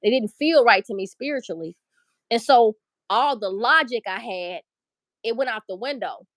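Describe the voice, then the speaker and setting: A woman's voice: on the high side, animated, normal speed, a bit bright, no echo. Profane, emotional woman ranting on a livestream. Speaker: livestream host. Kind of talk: casual livestream commentary.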